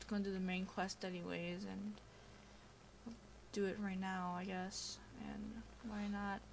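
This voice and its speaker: A young woman chatting casually over her gameplay, drifting between stories and what's on screen. She talks slowly at a middling pitch into a home computer mic. A faint hiss sits behind her. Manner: chatty and easily distracted, with frequent fillers. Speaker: gameplay commentator. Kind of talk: casual gaming commentary. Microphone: home computer microphone.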